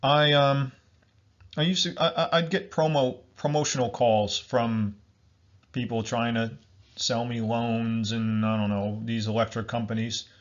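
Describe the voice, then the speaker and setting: A man's voice: mid-range voice, little pitch movement, unhurried. A man delivering an emphatic political monologue, repeating himself and calling his listeners folks. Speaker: commentator. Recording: dull lo-fi recording.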